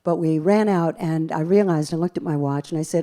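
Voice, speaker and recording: A woman pianist and bandleader telling lively, self-deprecating stories from a theater stage into a stage microphone between songs. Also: low voice, a little fast. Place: theater stage at a live concert.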